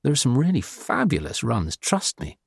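This is a much younger British woman, confident and upbeat, reassuring her companion. She is pitched well above the reader's own voice, as a man plays her. The sound is dry and close. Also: huge pitch swings, normal speed, vocal fry, husky, no room sound, full character voice. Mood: eager.

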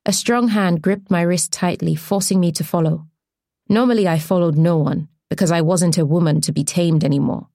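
Woman reading an audiobook, lowish voice, steady and measured, dry close mic. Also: no room sound. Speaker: audiobook narrator. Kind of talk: scripted narration.

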